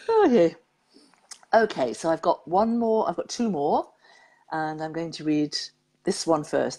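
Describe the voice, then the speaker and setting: A woman co-presenting a radio show, reading listeners' poems slowly and tenderly and laughing easily between them. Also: sits low, a little mellow. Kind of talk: radio chat and poetry reading.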